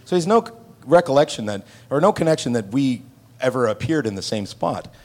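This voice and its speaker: A man telling an anecdote to an audience in a hall, animated and acting out the other people's voices. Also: medium pitch, a little fast. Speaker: actor telling a set anecdote. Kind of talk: onstage storytelling. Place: stage before an audience in a hall.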